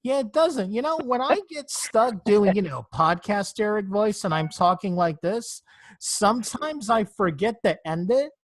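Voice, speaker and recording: A man hosting a podcast in relaxed, chatty conversation. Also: sits high, a little slow, no room sound. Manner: relaxed, chatty, laughs easily. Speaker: podcast host. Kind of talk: casual chat.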